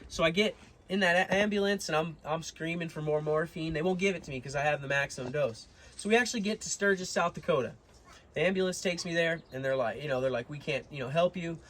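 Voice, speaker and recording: Man, young adult, casual storytelling, rambling with fillers, slightly high voice. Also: fast, a bit bright. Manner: rambling, lots of fillers and restarts. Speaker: vlogger.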